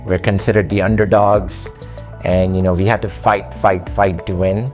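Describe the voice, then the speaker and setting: A man with an accent telling his story to a coach in an earnest, halting conversational way, with frequent fillers. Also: sits low, level tone, darkish tone, soft background music. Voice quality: speaks with an accent. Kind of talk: casual conversation.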